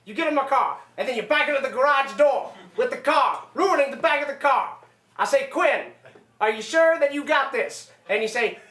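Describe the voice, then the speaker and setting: Male sketch performer, comic rant, bright tone, roomy stage sound. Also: very high voice, animated, normal speed. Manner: building comic rant, repeating the setup. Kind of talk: live sketch comedy monologue. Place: theater stage. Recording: echoey theater room.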